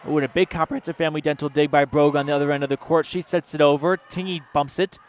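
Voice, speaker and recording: A man calling a volleyball match as play-by-play announcer on local radio, reading rapid action with sponsor mentions. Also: fairly high pitch, fairly even intonation. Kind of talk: local radio sports commentary.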